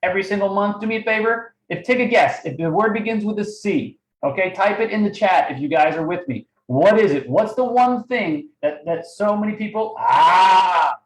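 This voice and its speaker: A man's voice: sits high, brisk, few pauses, echoey room, rough recording. A man hosting a live sales training webinar, talking energetically and firing off "right?" and "okay?" at his audience. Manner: energetic, coaching, many rhetorical "right?" and "okay?". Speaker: webinar host.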